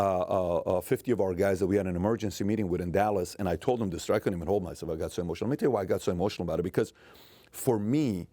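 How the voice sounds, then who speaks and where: A man in his forties telling a personal story in an emphatic motivational talk, dropping to a soft, emotional tone. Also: deep voice, no echo. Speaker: motivational speaker and host.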